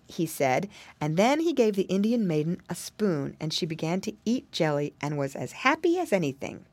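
Animated woman reading a children's story. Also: on the low side, moderate pace, few pauses, no room sound. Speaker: audiobook narrator.

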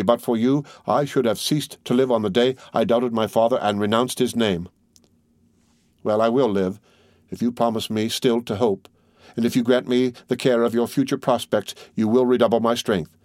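A man's voice: mid-range voice, a little mellow, no echo, studio quality, natural voice. A man voicing an earnest, resolute young man reassuring his mother in a storybook reading. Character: earnest young man, proud and devoted son.

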